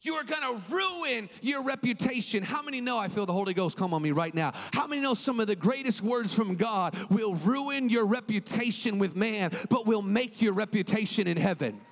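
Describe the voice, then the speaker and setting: A man with a strikingly high voice preaches a fervent sermon. His delivery swells into shouted, sing-song cadences, and the long reverb of a large church hall trails behind every line. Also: animated, moderate pace, few pauses.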